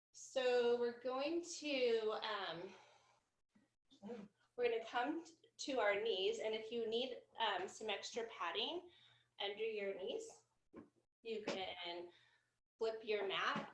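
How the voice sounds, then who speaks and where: A woman with a fairly high voice leads a yoga class, talking her students through each pose with friendly encouragement. She sounds set back from the microphone in an echoey room. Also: distant mic, a little hiss or hum. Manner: gently cueing each movement, encouraging and chatty. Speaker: yoga instructor. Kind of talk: guiding a live yoga class.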